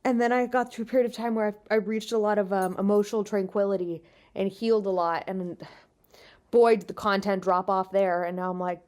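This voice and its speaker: A worn-out podcast host who does stand-up speaks briskly in a mid-range, darkish voice with fairly even intonation, swearing heavily and venting with self-deprecating candor. It's a casual solo monologue from bed, recorded on a makeshift mic, not a podcast microphone.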